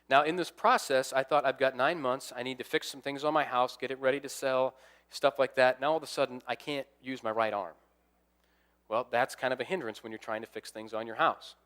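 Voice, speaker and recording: A man's voice: medium pitch, a bit bright. A young adult man, an assistant pastor, preaching a sermon as a personal story and acting out the dialogue.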